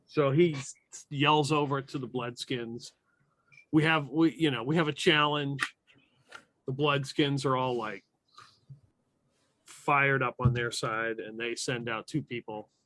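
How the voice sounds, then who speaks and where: A man's voice: medium pitch, fairly even intonation, slow, long pauses, a bit bright, no echo. A man running a tabletop game as game master, narrating in a loose, chatty way with frequent laughs and restarted sentences.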